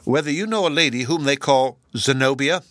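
A man's voice: medium pitch, a little fast, a bit bright, dry recording, studio quality, voice pushed up, lightly acted. A man voicing a shy elderly man who speaks hesitantly and apologetically, in a storybook reading. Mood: timid, hesitant.

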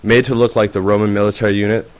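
Low-voiced man giving a hesitant presentation. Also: flat delivery, rapid-fire. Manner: hesitant, many fillers. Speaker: student presenter. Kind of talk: class presentation.

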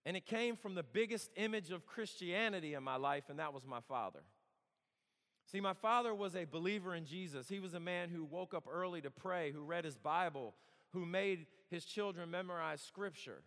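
A high, somewhat bright male voice at a normal speed belongs to a campus worship speaker in his thirties. His sermon is built around storytelling, earnest and conversational with touches of humor, and the sound echoes with long hall reverb.

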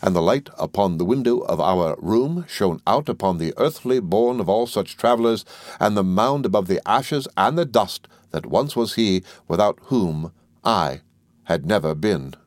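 A man narrating a classic novel as an audiobook reader in a measured, even delivery. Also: fairly low pitch, dry recording, studio quality.

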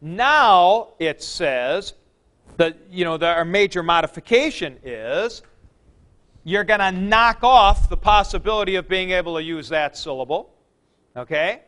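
A man teaching a class, asking questions and answering them himself, often clearing his throat. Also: sits high, animated, a little slow, a bit bright. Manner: uses sports comparisons and jokes. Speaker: Greek teacher. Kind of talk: classroom lecture.

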